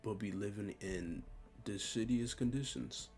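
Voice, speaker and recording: A man's voice: on the low side, measured pace, darkish tone, soft background music. A young man giving casual, rambling commentary while ranking a tier list, in a slangy and offhand way.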